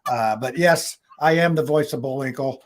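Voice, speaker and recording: A man's voice: medium pitch, moderate pace. An older man hosting a casual online talk show, chuckling and rambling as he talks. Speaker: talk show host and voice actor.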